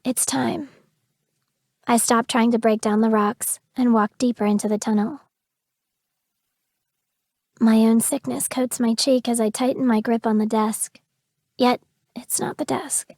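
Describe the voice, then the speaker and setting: A woman's voice: fairly high pitch, steady tone, unhurried, pauses often, a little mellow, dry recording. Woman, audiobook narrator, emotional first-person reading, dry close mic. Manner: intimate, emotional delivery.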